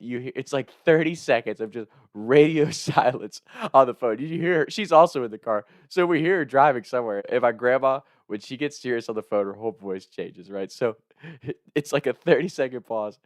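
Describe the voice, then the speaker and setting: A young adult man from Kentucky telling a funny personal story, animated and often laughing as he speaks. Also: mid-range voice, moderate pace, no room sound, clean studio sound. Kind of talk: comic storytelling.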